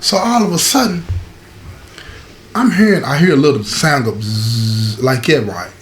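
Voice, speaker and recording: Male storyteller, higher voice with wide swings, chatty, keeps checking in with his audience. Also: normal speed, a little hiss or hum. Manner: animated, addresses the audience with "you feel me" and "y'all". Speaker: storyteller recounting prison life. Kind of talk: casual storytelling to viewers.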